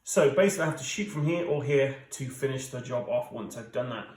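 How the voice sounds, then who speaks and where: Speaking quickly in a slightly mellow mid-range voice, this British board game channel host in his thirties plays solo and chats directly to viewers, using lots of fillers. The room echoes and the recording is rough.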